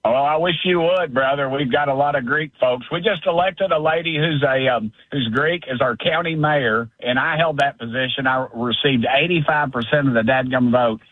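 A blunt, folksy man speaking with heated indignation. His voice comes down a thin, tinny phone line with no room sound around it. His pitch sits in an ordinary middle range. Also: moderate pace, hardly any pauses, dry recording. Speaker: congressman calling in. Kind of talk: fiery phone-in political talk. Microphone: telephone.

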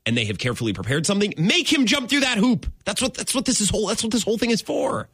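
A man's voice: high-pitched, very animated, quick pace, hardly any pauses, fairly bright tone, husky, no room sound. A man hosting a sports talk radio show, ranting emphatically with mock exasperation. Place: radio studio.

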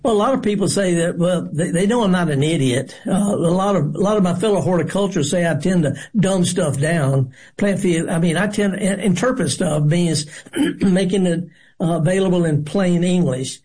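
A radio host chatting casually from a studio, rambling in a folksy way and cracking corny jokes. His voice sits fairly high and has a husky, breathy edge. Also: moderate pace, a little mellow. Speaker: radio gardening show host.

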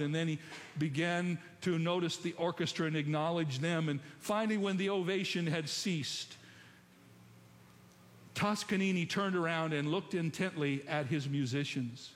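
A man's voice: fairly high pitch, a little slow, a bit bright. A man preaching a sermon and telling stories, often putting questions to his congregation. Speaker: pastor. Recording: long hall reverb, faint ambience.

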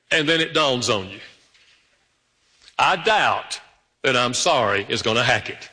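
A man preaching a sermon, telling stories with sudden jumps up in pitch. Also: unhurried, pauses often. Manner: storytelling with animated pitch jumps. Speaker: pastor. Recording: long hall reverb.

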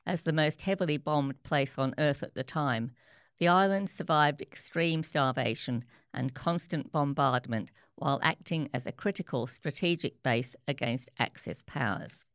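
A radio presenter, introducing guests and reading book extracts in a measured, clear way. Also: mid-range voice, fairly bright tone, no echo, clean studio sound. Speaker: radio show host.

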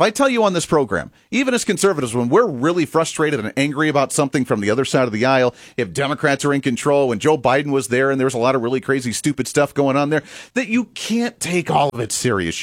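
Man, political commentary host, mocking tone, higher voice, dry sound. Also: dry recording. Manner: animated, mocking, laughs often. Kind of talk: opinion commentary.

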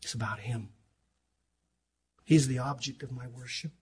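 An older man preaching a sermon as pastor, fervent and emphatic, swinging from loud to hushed. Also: mid-range voice, measured pace, husky.

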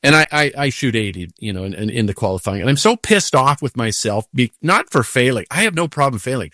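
Older man telling animated stories. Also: mid-range voice, a little fast, dry recording, clean studio sound. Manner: animated storytelling with acted-out inner voices. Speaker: guest, professional golfer. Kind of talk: casual storytelling.

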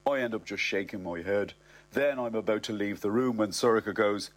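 Middle-aged man, husky and low, deadpan comic reader with indignant asides. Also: moderate pace. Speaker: narrator. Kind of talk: comic first-person story reading.

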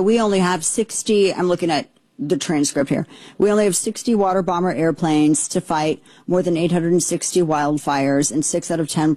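Indignant woman host, lowish voice, dry close sound, exasperated rambling commentary. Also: darkish tone, no echo. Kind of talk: opinionated commentary.

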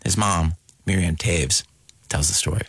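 Husky low-voiced man hosting a radio show. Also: unhurried, fairly bright tone, no echo. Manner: plain, conversational introduction. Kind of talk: scripted radio narration.

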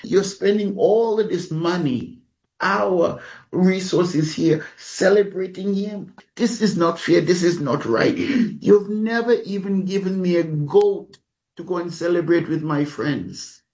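Casting note: indignant grown son, high strained complaint, put on by a male preacher mid-sermon. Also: a little slow, darkish tone, natural voice. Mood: aggrieved. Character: resentful grown older son protesting to his father. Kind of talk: sermon storytelling.

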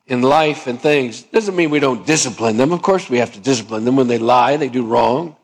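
A man preaching a sermon in a conversational way, asking his listeners questions and acting out little dialogues. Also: a little high. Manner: conversational, asks the congregation questions; acts out dialogue to illustrate points. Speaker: pastor.

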